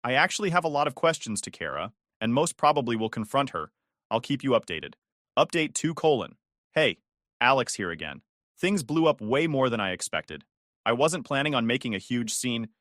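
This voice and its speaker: A man's voice: mid-range voice, normal speed, no room sound, studio quality. A man narrating a first-person family drama story, acting out the voices. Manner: expressive, acts out dialogue.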